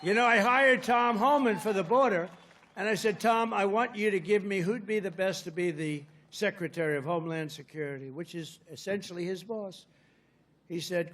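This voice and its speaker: An older man giving a rambling, boastful rally speech, swinging from loud outbursts to muttered asides. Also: high-pitched, moderate pace. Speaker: politician addressing a rally.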